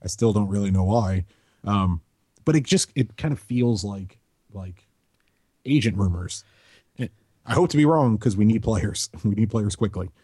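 A man's voice: on the low side, animated, normal speed, long pauses, mellow, breathy edge, no room sound, studio quality. A man co-hosting a casual soccer podcast, rambling into joking side stories before getting back to team talk. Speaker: podcast co-host.

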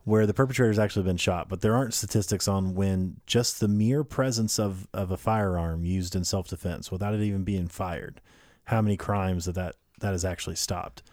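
A man's voice: low-pitched, brisk, a little mellow, no room sound, studio quality. A man co-hosting a podcast, making his case in casual conversation with frequent restarts. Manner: conversational, argumentative, trailing restarts. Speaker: podcast co-host. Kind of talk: casual political podcast chat.

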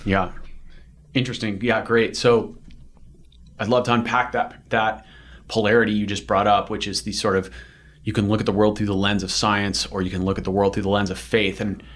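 A man's voice: on the low side, flat delivery, normal speed, a bit bright. A man hosting a podcast, talking bluntly and with energy, and sometimes putting on voices for quotes. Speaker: podcast host. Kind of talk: casual podcast conversation.

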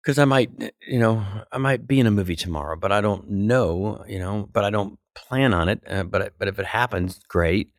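Animated man in his fifties, dry close sound. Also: normal speed, few pauses, dry recording. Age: 50s. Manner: animated, acts out quotes with jumps in pitch. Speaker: comedian guest. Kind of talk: casual storytelling interview.

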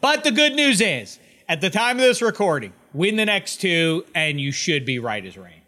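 A man's voice: high-pitched, moderate pace. A man hosting a sports podcast, telling stories emphatically in casual chat. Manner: emphatic, animated storytelling. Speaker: podcast host.

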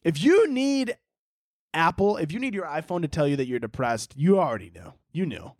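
A man's voice: on the high side, sing-song, moderate pace, a little mellow, no room sound, studio quality. A young man hosting a solo podcast, rambling casually, swearing often and laughing at his own jokes. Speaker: podcast host.

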